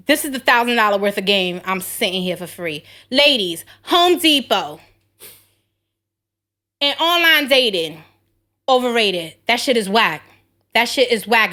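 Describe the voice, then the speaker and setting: Brash, bright-voiced woman host. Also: medium pitch. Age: 30s. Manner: brash, profane storytelling with animated quoted voices. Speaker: podcast host. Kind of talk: casual chat.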